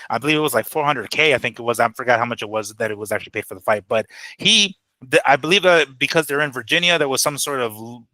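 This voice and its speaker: A man's voice: medium pitch, bright, forceful tone, dry recording, poor audio. A man co-hosting a boxing news show in casual chat, rambling and hedging as he explains a story.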